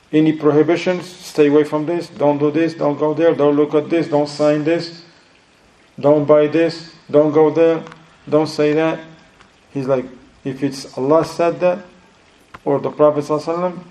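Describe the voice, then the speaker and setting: A man's voice: vocal fry, low-quality recording. A man teaching an Islamic studies class, mixing English with Arabic terms and quizzing his students. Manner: acts out inner voices in a lower, quieter tone.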